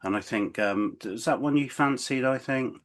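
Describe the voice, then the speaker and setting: A man's voice: medium pitch, normal speed. A man co-hosting a podcast, chatting casually and stumbling through restarts and fillers as he tells a story. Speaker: podcast co-host. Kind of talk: casual chat.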